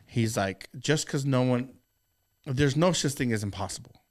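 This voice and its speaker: A man's voice: medium pitch, moderate pace. A middle-aged man and podcast co-host, telling a long personal story in a rambling, earnest, profanity-laced way. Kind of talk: casual storytelling chat.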